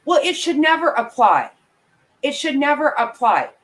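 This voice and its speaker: A woman vlogger rants furiously and swears freely in an opinionated live commentary. Her voice sits a little high and swings all over the place. She talks right into a webcam or phone mic. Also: sing-song, moderate pace, a bit bright, low-quality recording. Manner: angry, blunt and profane ranting.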